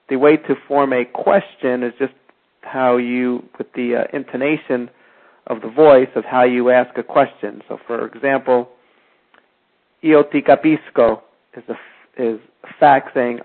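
Man, language teacher, casual spoken lesson, repeats phrases slowly, thin narrow-band sound. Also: medium pitch. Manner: repeats example phrases slowly, with small self-corrections. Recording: tinny phone-like audio.

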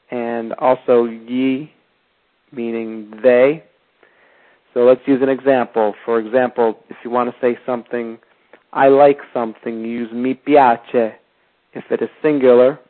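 Slow-speaking male language teacher, tinny sound. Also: mid-range voice. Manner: slow, deliberate, repeats example phrases. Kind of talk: recorded language lesson. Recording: phone-like narrow sound.

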